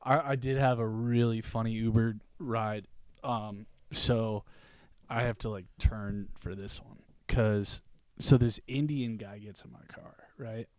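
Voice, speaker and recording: A man's voice: fairly low pitch, fairly even intonation, measured pace, no echo, studio quality. A young man co-hosting a podcast, telling stories in casual chat and laughing often. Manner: laid-back storyteller, laughs often, says "dude". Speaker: podcast co-host.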